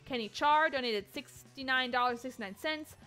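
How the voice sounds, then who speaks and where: Giggly high-voiced woman hosting a stream. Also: moderate pace, sharp tone, faint music behind. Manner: giggly, chatty, reads out donations. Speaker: charity stream host. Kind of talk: casual chat.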